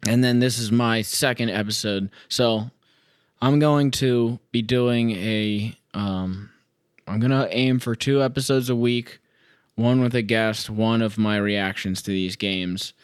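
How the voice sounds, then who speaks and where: A man's voice: on the low side, measured pace, smooth, no echo, clean studio sound. A young man hosting a solo sports podcast, ranting with sarcasm, swearing and exasperation while he watches a game at home. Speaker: podcast host. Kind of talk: solo sports reaction rant.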